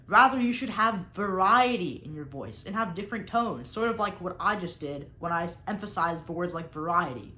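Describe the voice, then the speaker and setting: A young debate coach gives an instructional talk on speaking technique, deliberately stressing key words in an explanatory, emphatic way and varying her tone on purpose. Her mid-range voice is bright and forceful, with lively intonation and a moderate pace. The sound is roomy.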